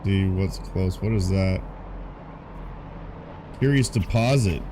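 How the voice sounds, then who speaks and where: A man's voice: low-pitched, slow, noisy background. Drowsy man streaming a game. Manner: relaxed, thinking aloud, yawning. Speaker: gaming streamer. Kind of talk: casual live gameplay commentary. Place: warm room at home.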